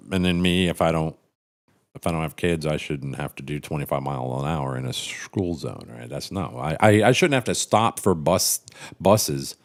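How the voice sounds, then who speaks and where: A man's voice: deep voice, a little mellow. A middle-aged man hosting a casual livestream, rambling and cynical, swearing freely and restarting his sentences as he reads chat. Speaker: livestream host reading chat.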